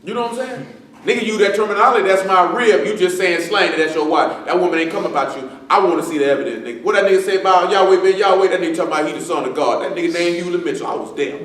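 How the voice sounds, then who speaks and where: A man's voice: high-pitched, rapid-fire, fairly bright tone. A man preaching a sermon in loose street slang, joking and quoting people. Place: church assembly hall. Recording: echoey hall from far off.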